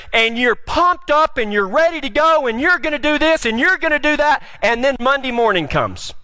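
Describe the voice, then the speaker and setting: A man preaches a sermon with folksy humor, now and then building to a shout. His voice sits very high and bright. The sound is dry and close. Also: dry recording. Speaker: pastor.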